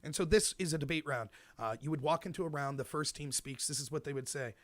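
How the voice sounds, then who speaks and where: A man hosting his own show, delivering an animated commentary monologue full of mock quotes. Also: on the high side, fairly quick, hardly any pauses, no room sound. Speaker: host.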